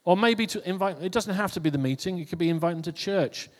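In a hall with long, lingering reverb, a man preaches an informal sermon to a congregation. His voice sits high and he speaks fast, in a conversational style full of repeated and restarted phrases.

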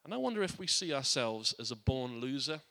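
Bright-voiced preacher in an echoing church. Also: male voice, medium pitch, very animated, fairly quick, vocal fry. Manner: earnest, with frequent restarts and repeated words; drops quiet and soft for reflective points. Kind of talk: sermon. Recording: long church hall reverb.

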